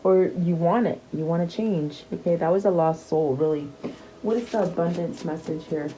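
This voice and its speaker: Soft-spoken woman reading tarot cards. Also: lowish voice, moderate pace, poor audio. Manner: chatty, repeats questions to the cards softly, many fillers and restarts. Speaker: tarot reader. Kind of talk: casual tarot reading to camera.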